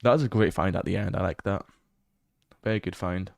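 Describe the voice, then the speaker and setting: Laid-back male game streamer, low voice. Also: brisk, creaky, no room sound, clean studio sound. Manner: relaxed, chatty, laughs often, swears casually. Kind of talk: casual livestream commentary while exploring a game.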